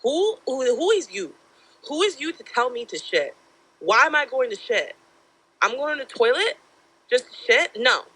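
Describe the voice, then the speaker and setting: A woman's voice: sits high, very animated, normal speed, sharp tone, slightly rough, voice pushed up, exaggerated voice, low-quality recording. A woman voicing a stubborn, sassy young woman who refuses to use the bathroom, in an exaggerated mock-defiant way.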